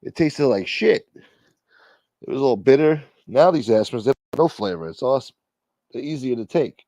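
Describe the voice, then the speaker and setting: A man hosting a mock church livestream, brash and profane, dropping to a mumble and then bursting out loud. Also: mid-range voice, expressive, normal speed, dry recording. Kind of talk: casual comedic livestream banter.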